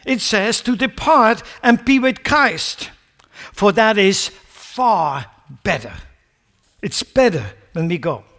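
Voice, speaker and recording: A man's voice: high voice, animated, slow, fairly bright tone. A man preaching a sermon, asking rhetorical questions and mocking wrong ideas with sarcastic paraphrases before stressing his point. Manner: rhetorical questions, rising to emphatic peaks.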